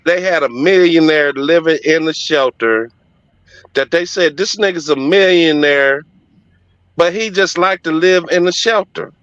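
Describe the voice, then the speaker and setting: A man's voice: on the high side, a bit bright, dry recording, dull audio. A middle-aged man telling a heartfelt personal story on a podcast, emphatic and profane.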